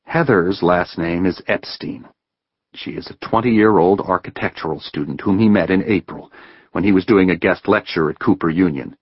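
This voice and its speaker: A man reading a novel aloud in a measured, even way as an audiobook narrator. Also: deep voice, dry recording, dull audio. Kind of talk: scripted narration.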